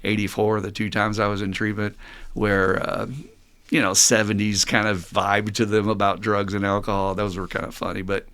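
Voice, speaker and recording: A man's voice: on the low side, completely flat delivery, normal speed, fairly bright tone, clean tone. An older man, a podcast co-host in recovery, telling stories casually and animatedly, laughing often. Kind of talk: casual storytelling talk.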